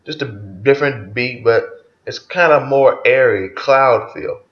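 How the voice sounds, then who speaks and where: A man's voice: mid-range voice, unhurried. Male vlogger, mid-range voice, loose profane album-review chat; echoey room, muffled lo-fi recording. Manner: loose and profane, retelling songs track by track. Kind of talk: casual spoken album review.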